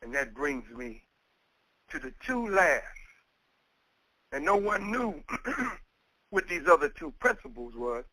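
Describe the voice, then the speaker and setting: High, lively preaching man. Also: takes it slowly, pauses often, no echo, rough recording. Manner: emphatic, repetitive preaching cadence. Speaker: minister. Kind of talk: sermon.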